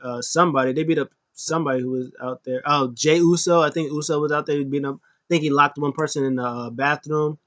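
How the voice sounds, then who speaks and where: A man's voice: fairly high pitch, fast talker, hardly any pauses, dry recording. Rambling man recapping a wrestling show. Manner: rambling, filler-heavy, animated.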